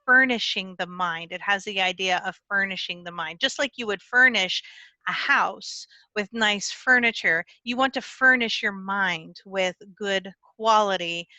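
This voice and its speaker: A woman's voice: mid-range voice, bright, forceful tone, no echo. A woman speaking at a conference, teaching how to write and explaining things step by step, with small slips and self-corrections along the way. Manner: talks with her hands. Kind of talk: conference talk.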